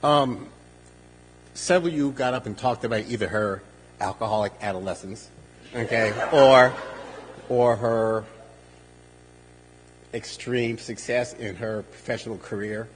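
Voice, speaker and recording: A low-pitched man in his sixties speaks at a memorial service, with faint noise behind him. He tells old college stories in a wry, self-deprecating way, joking with the listeners. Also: measured pace, pauses often, rough recording. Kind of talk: memorial eulogy, anecdotal storytelling.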